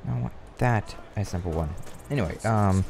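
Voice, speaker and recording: A man's voice: lowish voice, moderate pace, gravelly, darkish tone, a little hiss or hum. A man hosting a gaming channel, giving loose, rambling commentary while he plays and swearing at the game. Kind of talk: casual gameplay commentary.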